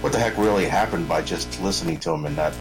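A man's voice: low-pitched, fast, music in the background, poor audio. A man co-hosting a podcast, chatting hesitantly about a video game with many fillers. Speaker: podcast co-host.

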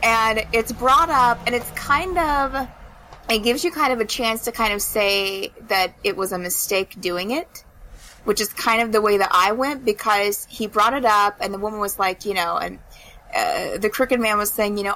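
A woman's voice: medium pitch, moderate pace, bright, forceful tone, a little hiss or hum, rough recording. A woman co-hosting a podcast, chatting casually about a video game in a rambling way and acting out the characters' lines. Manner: rambling, lots of fillers and acted-out quotes. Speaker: podcast co-host.

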